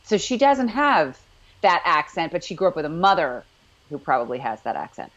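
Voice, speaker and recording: A woman's voice: low-pitched, big pitch swings, moderate pace, a bit bright. A woman co-hosting a casual TV recap show, talking in a chatty way with self-deprecating asides. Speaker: podcast co-host. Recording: dull lo-fi sound.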